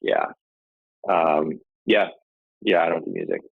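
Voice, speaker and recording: A man's voice: rumbling low, huge pitch swings, unhurried, vocal fry, breathy edge, dry recording. A man, a podcast host, casually telling a personal story, rambling with frequent restarts and fillers. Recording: tinny phone-like line, dry.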